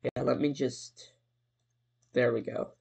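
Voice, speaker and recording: A man's voice: medium pitch, flat delivery, slow, creaky, rough recording. A man casually commentating his game playthrough, rambling and joking with some swearing. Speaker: gamer doing a playthrough. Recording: faint game music behind.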